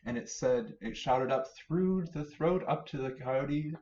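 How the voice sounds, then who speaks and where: A man hosting a children's storytime, reading picture books aloud in an animated, playful way. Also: medium pitch, measured pace. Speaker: children's librarian, storytime host. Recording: roomy, slightly dull sound.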